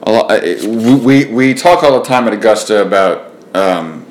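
A man's voice: on the low side, normal speed, a little hiss or hum. A man hosting a casual podcast, opening in a mock-grand announcer tone and joking with his guests. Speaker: podcast host.

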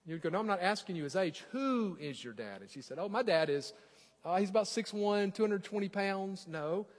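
Male pastor, forties, high voice, sermon delivery with big dynamic swings, reverberant sanctuary. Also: animated, normal speed. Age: 40s. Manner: swings from quiet asides to loud, stretched scripture reading. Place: church sanctuary. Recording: long church reverb.

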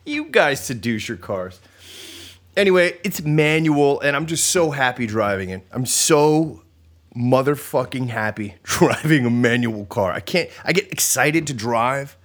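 A man hosting a podcast in a casual, comedic monologue, animated and profane, joking and sometimes trailing into mumbles. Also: medium pitch, measured pace.

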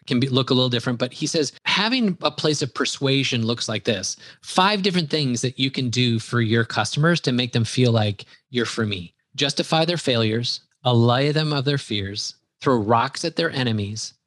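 A man with a Wisconsin accent, a podcast guest talking in an energetic, chatty way with quick asides. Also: medium pitch, no room sound, studio quality. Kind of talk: casual interview chat.

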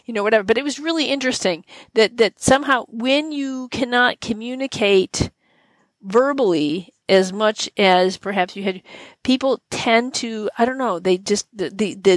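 A woman chatting casually about dog behavior, thoughtful and relaxed, with frequent restarts. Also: a little high, normal speed, dry recording. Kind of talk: casual conversational chat.

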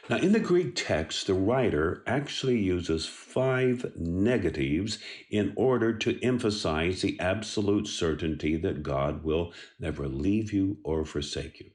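A man giving an earnest devotional talk on a Bible passage, unhurried and repeating words as he starts his phrases. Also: deep voice, animated, a little mellow. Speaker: radio devotional speaker.

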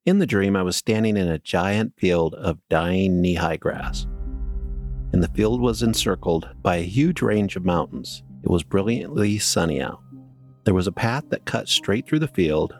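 A man's voice: deep voice, expressive, normal speed, soft background music. A man co-hosting a podcast, reading listener stories aloud in a plain way and trading dry banter. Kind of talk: casual podcast chat and story reading.

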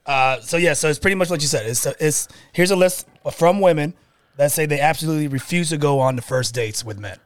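A man's voice: fairly high pitch, fairly quick, dry recording. A man who chimes in on a comedy podcast with joking asides and frequent laughs, also acting as producer. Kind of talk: casual comedy chat.

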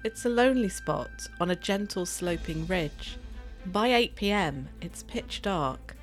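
A woman narrating a scripted story podcast in a measured, atmospheric way, with music under her voice. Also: fairly low pitch, animated.

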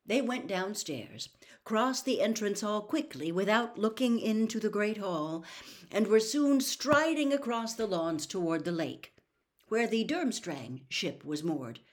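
Woman narrator, lively pitch, animated storybook reading. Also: unhurried. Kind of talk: audiobook reading.

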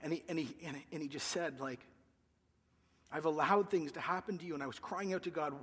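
A man's voice: a little high, brisk, fairly bright tone, breathy edge, big-room sound. A man, a pastor, earnestly telling a personal story in a sermon, his voice rising when he quotes himself. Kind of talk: sermon testimony.

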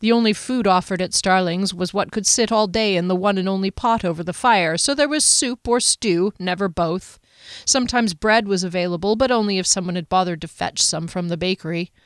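A woman narrating an audiobook in a measured, expressive way. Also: medium pitch, clean tone, no echo, clean studio sound. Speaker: audiobook reader.

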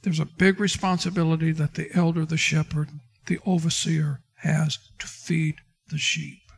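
Man pastor, high-pitched, preaching a sermon and acting out scripture scenes. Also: flat delivery, moderate pace, vocal fry, breathy edge. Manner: preaching with King James quotes and dramatic retellings.

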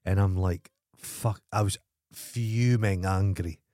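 Sweary Scottish man, low voice. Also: lively intonation, normal speed, darkish tone, no room sound, clean studio sound. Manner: sweary storytelling, blunt and grumpy. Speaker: podcast co-host. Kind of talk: casual chat.

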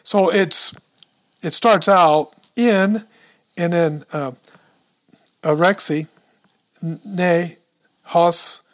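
A man with a fairly high voice talks slowly and deliberately on a podcast, walking his co-host through a Bible passage. He reads verses and Greek words aloud, stumbles over the pronunciation, and thinks out loud as he hunts through his books. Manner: explains step by step, thinks aloud while leafing through books. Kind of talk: casual teaching talk on scripture.

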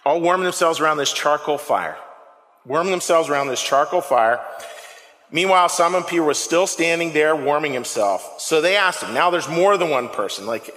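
A man preaching a lively, conversational sermon into a handheld mic, often questioning the congregation. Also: a little high, moderate pace. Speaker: pastor. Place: church sanctuary. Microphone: handheld microphone. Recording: long hall reverb.

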